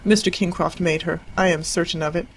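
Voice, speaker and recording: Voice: mid-range voice, fairly even intonation, a little fast, slightly rough, poor audio. A narrator voicing a stern older woman, prim and disapproving.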